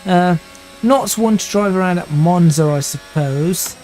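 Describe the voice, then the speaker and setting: Slightly high-voiced young male sim-racing streamer. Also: a little slow, a little mellow, soft background music. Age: 20s. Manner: thinking aloud, restarts sentences while driving.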